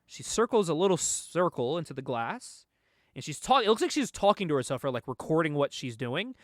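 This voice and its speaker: A man's voice: a little high, sing-song, a little fast, dry recording, clean studio sound. A man casually recapping a comic book, laughing often and acting out the lines he quotes. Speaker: podcast co-host.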